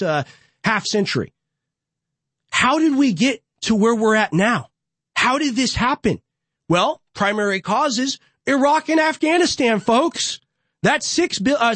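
A man's voice: very high voice, fairly bright tone, dry recording. Fiery young man ranting in a dry studio. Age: young adult. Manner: fiery, ranting, repetitive rhetorical build-ups. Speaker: political podcast host. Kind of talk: impassioned political monologue.

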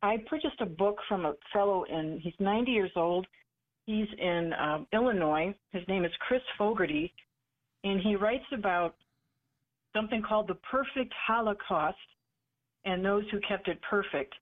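A woman's voice: medium pitch, moderate pace. A woman calling in to a radio talk show, chatting eagerly with many fillers and restarts. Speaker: caller. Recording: tinny phone line.

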